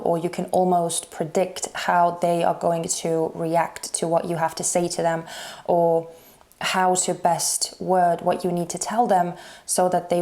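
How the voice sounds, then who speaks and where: A woman giving a casual tarot reading to her viewers, talking haltingly and searching for words with many fillers. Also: fairly low pitch, dark tone. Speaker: tarot reader.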